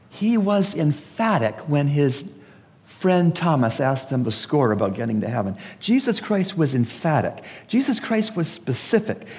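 A man's voice: fairly high pitch, darkish tone. A man preaching a funeral sermon, emphatic and asking his listeners pointed questions. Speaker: pastor. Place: church service. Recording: long reverb of a large hall.

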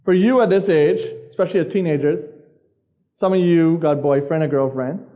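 Speaking at a normal speed in a fairly high voice, a man preaches casually to a teenage crowd as their youth pastor. He's conversational, quizzes the audience, and repeats phrases, all captured in a dull, lo-fi recording of a live service.

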